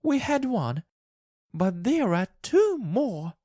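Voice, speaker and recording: A frantic, grief-stricken old mother with a voice pitched far up, crying out and pleading in a storybook reading, as a male narrator puts her on. Her lines come out slow and close, with nothing around them. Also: big pitch swings, darkish tone, dry recording, heavily acted. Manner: high, pleading cries. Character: grieving older woman, desperate and frantic.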